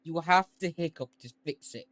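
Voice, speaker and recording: A man's voice: a little high, normal speed, over a noisy crowd. A man on voice chat with a fellow player, blunt, profane and teasing. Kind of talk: casual voice chat.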